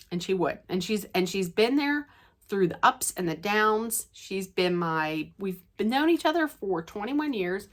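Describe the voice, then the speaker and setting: A woman's voice: fairly low pitch, expressive, slow. A woman talking casually to her channel viewers in a chatty, rambling way with many restarts. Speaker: vlogger. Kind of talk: casual chat to camera.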